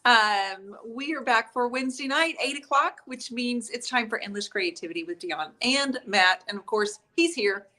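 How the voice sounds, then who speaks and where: A woman's voice: fairly high pitch, moderate pace, hardly any pauses, pushed and bright. A middle-aged woman hosting a casual live-stream painting tutorial, chatty and upbeat as she jokes with her husband. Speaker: host and paint instructor.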